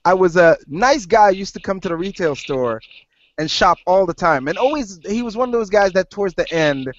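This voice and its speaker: A man's voice: high voice, lively intonation, moderate pace, no room sound. Male podcast co-host: casual storyteller who swears and quotes people's lines, muffled lo-fi sound. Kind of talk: casual chat. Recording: dull lo-fi audio.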